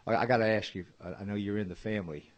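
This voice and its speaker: A man's voice: on the low side, steady tone, racing, muffled recording. A man chairing a legislative hearing, informal and joking, stumbling over words. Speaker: committee chairman.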